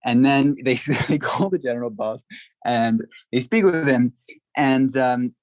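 Animated man telling a story, dry sound. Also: mid-range voice, measured pace, dry recording, poor audio. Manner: animated, acts out quotes, frequent "like" fillers. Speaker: podcast guest. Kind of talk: casual storytelling.

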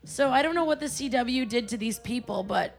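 Woman cohost, a little high voice, blunt and swears a lot. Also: brisk, vocal fry, soft background music. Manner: outspoken, indignant, swears freely. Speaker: co-host, comedian. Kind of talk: casual comedy podcast banter.

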